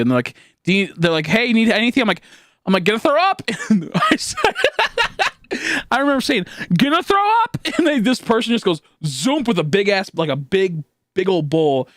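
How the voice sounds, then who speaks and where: A man livestreaming a game and telling a story at a loose, rambling pace. His voice sits a little higher than most men's. The sound is dry and close, and he swears freely and breaks into laughter often. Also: dry recording. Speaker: streamer.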